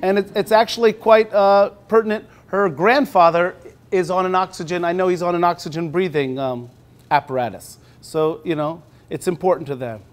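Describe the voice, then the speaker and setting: A male teacher giving a conference presentation in a conversational way, slowing down when he reads aloud. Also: high voice, fairly even intonation. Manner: conversational, with restarts; slows down when reading aloud. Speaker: teacher presenting at a university talk.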